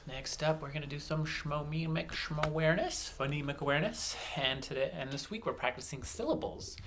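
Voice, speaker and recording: A man's voice: on the high side, brisk, fairly bright tone, a little hiss or hum. A male teacher leading an early-grade reading lesson for children, spelling words out letter by letter and chanting rhymes as he claps out syllables.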